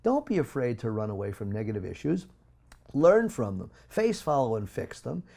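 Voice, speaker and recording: A man speaking as an interview guest, talking in an emphatic, preachy way with big swings in loudness. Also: mid-range voice, sing-song, a little fast, vocal fry. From United States. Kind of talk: interview talk.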